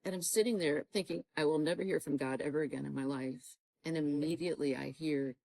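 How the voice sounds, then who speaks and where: A middle-aged woman with a low, warm voice tells her personal testimony in earnest. She acts out her own past dialogue as she goes. The sound is dry and close. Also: fast talker, gravelly, few pauses, no echo, low-quality recording. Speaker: guest telling her testimony.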